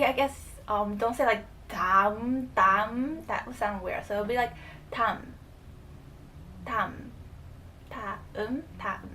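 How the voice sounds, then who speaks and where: A young woman teaching a casual lesson, explaining patiently, repeating example words and using casual fillers. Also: on the high side. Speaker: language teacher. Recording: distant mic with faint room noise.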